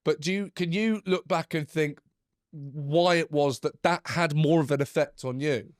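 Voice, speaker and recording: A man's voice: a little high, moderate pace, no echo, clean studio sound. A male podcast host who laughs often and asks probing questions in a casual interview.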